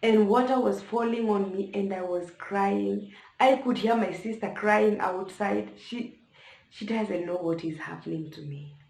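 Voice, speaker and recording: A young vlogger with a Kenyan accent talks at a measured pace in a medium-pitched, creaky, slightly mellow voice. She recounts a personal story with emotion, speaking straight to her viewers, and the room echoes.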